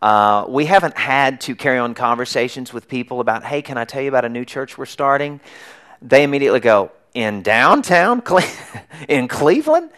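A middle-aged man preaching a sermon as a church pastor, telling a story with lively acted-out shouts. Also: medium pitch, brisk. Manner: animated storytelling, acting out the crowd's and beggar's shouts.

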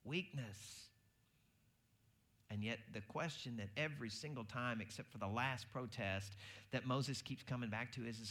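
At a moderate pace and medium pitch, this adult man, a pastor expecting a baby, delivers a sermon full of everyday stories. His storytelling is animated, and he performs the quoted voices himself.

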